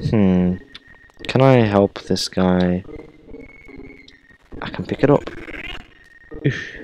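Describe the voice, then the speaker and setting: A man's voice: deep voice, drawn-out words, pauses often, darkish tone, highs cut off, a little hiss or hum. A young man giving casual let's-play commentary, thinking aloud and reacting to the tutorial as he plays. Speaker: gamer.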